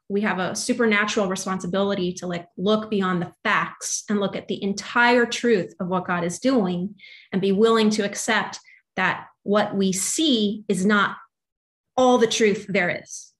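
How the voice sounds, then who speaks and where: A woman's voice: medium pitch, normal speed. A young adult woman, a musician guest, talking through faith and doubt in a loose, rambling way full of fillers. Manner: rambling, filler-heavy, animated. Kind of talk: casual faith conversation.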